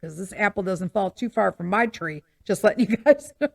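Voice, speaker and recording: A woman's voice: medium pitch, lively intonation, moderate pace, creaky, a little mellow, no echo, studio quality. A woman hosting a podcast, chatting casually about parenting and often checking in with listeners with "okay?". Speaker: podcast host.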